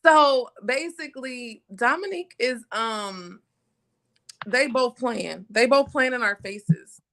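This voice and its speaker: Bright-voiced woman, blunt and sassy. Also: fairly high pitch, takes it slowly. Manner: animated, blunt, drawling, sassy. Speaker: co-host of a live reality show review. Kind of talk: casual live-stream chat.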